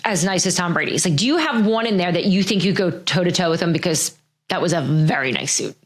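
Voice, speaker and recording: A middle-aged woman co-hosting a sports podcast, talking in an animated, chatty way full of fillers and restarts. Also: on the low side, brisk. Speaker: podcast host, NFL insider. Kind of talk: casual chat.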